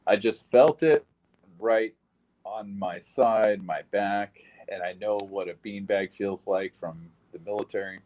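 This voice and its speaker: A man's voice: fairly low pitch, measured pace, darkish tone, poor audio. A man giving a recorded witness interview about surviving a shooting, telling it in a blunt, plain-spoken way with some swearing.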